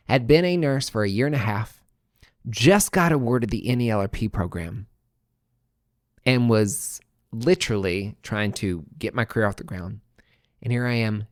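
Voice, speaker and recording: A young man in the host's chair tells his own story in a loose, casual way, dropping swear words and lurching from near-whispers to excited outbursts. His voice sits at an ordinary middle pitch. The sound is close and dry, with almost no room echo. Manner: expressive, swears freely, big swings between hushed and excited. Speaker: podcast host.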